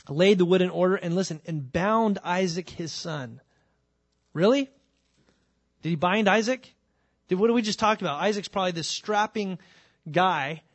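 A man preaching a sermon. He talks in an animated way and acts out the scripture scenes with quick shifts of voice. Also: sits high, no room sound. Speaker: pastor.

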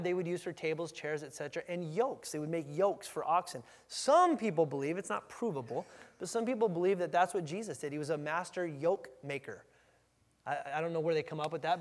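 A high-voiced man delivers a casual, conversational sermon. He jumps into quoted crowd reactions with sudden rises in pitch and volume. His voice carries a long reverb tail from a church hall. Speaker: pastor.

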